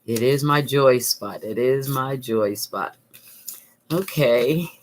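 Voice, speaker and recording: A woman giving a casual crafting tutorial, chatty and calm, thinking aloud while she works. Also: very deep voice, takes it slowly, background noise. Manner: calm, soothing. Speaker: craft vlogger.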